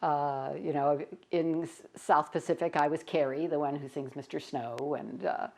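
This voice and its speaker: A woman's voice: low voice, steady tone, moderate pace, gravelly, a little mellow. An older woman, a stage performer, telling stories in a casual interview and laughing often as she talks.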